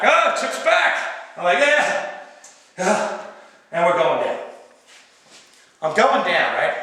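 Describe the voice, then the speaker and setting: Animated stand-up storyteller, bright echoey room. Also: male voice, mid-range voice, far from the mic. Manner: animated, acts out voices and shouts in the story. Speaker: stand-up comedian.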